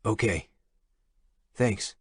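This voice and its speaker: A man's voice: very slow, no room sound, clean studio sound. A man voicing a stressed young male office worker who talks urgently and raises his voice, in a thriller audiobook. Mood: anxious.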